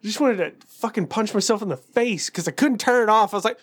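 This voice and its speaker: A woman co-hosting a casual podcast chat, profane, excitable and often laughing. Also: mid-range voice, quick pace, hardly any pauses. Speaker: podcast co-host.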